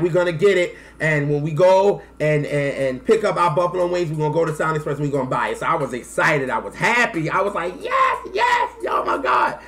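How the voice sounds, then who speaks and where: A man in his thirties telling a personal story to camera in a casual, animated way, acting out quotes and close to tears. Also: fairly high pitch. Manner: animated, acts out quotes, slangy. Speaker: music vlogger.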